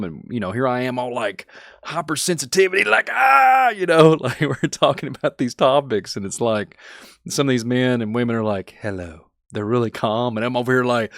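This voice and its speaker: A man's voice: mid-range voice, dry recording. Guy doing his podcast, all fired up and folksy, dry sound, mid voice. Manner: animated, folksy, talks straight to the audience. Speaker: podcast host. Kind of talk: excited conspiracy podcast commentary.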